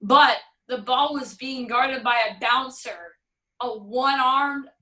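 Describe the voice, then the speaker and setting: In a filmed virtual stage production, a woman plays a wry, unbothered narrator who teases and bends the tale her own way. Her delivery is heavily acted, slow, bright, and forceful, with a high-sitting voice, and the sound is roomy with the mic far away.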